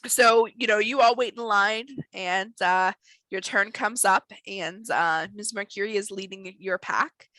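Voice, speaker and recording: A woman narrating as game master of a tabletop role-playing game, relaxed, with many fillers. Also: medium pitch, unhurried, no room sound, low-quality recording.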